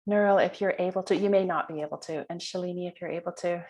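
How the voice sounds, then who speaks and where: A woman's voice: fairly low pitch, fairly even intonation, fast talker, a little mellow. A woman leading an online training session over a video call, talking casually with many fillers and restarts. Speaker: workshop trainer.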